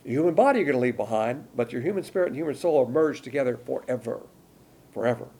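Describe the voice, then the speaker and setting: Older guy preaching, gravelly husky voice, swings up and down a lot, chatty bible teaching. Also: mid-range voice, expressive, quick pace, mellow. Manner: conversational preaching with rhetorical questions. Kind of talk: sermon.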